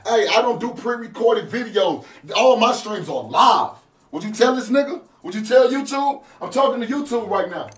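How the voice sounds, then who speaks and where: A man streaming a video game live, talking loudly and brashly to his viewers with profane trash talk. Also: very high voice, lively intonation, moderate pace. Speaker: livestreaming video game player. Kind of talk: hyped livestream talk to viewers. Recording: echoey room, far from the mic.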